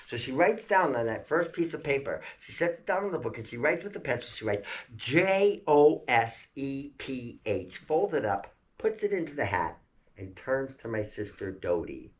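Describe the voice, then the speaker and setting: An older man telling a family story in a chatty, animated way, laughing along as he goes. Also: mid-range voice, fairly quick.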